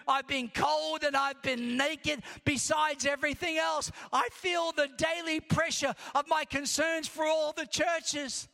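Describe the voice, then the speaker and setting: High, bright-voiced preaching man in a hall. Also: creaky. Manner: impassioned, rising to shouts, reads scripture in long rhythmic lists. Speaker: pastor. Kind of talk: preaching a sermon. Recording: long reverb of a large hall.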